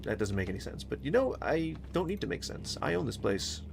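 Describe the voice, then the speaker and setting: A man giving casual let's-play commentary, goofy and rambling, with sing-song wordplay and sudden mock yelling. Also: medium pitch, sing-song, a little fast, gravelly, breathy edge. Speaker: gaming streamer.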